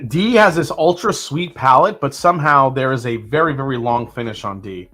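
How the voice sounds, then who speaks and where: A man's voice: mid-range voice, normal speed, faint music behind. A man hosting a live whiskey tasting, chatting casually and reading out viewer comments. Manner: relaxed, chatty, with fillers and sips. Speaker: whiskey livestream host.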